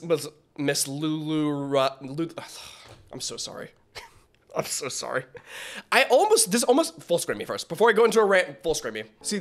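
A slightly hoarse man giving casual, rambling, enthusiastic commentary as a reaction video host. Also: on the high side. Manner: rambling, filler-heavy, enthusiastic.

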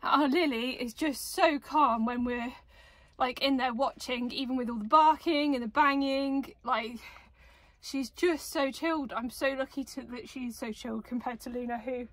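A woman's voice: high voice, moderate pace, no room sound. A young woman vlogging outdoors at a cold dog show on a handheld camera, chatting and talking fondly to her dogs. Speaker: vlogger and dog agility handler. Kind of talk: casual vlog chat.

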